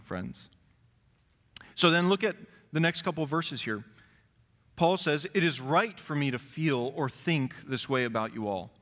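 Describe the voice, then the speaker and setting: A man's voice: medium pitch, a bit bright. A man pastor giving a sermon, reading scripture aloud and stressing key words. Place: church sanctuary. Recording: long reverb of a church hall.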